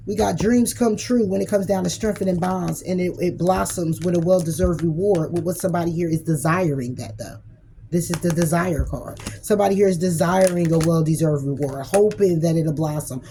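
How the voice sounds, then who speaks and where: A woman's voice: lowish voice, mellow, a little hiss or hum, rough recording. A woman giving a casual, blunt tarot reading who swears freely and acts out imagined arguments. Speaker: tarot reader.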